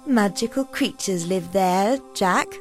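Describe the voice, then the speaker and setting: A woman voicing a kindly older aunt in a storybook, speaking slowly and gently. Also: mid-range voice, faint music behind, natural voice. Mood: wondering.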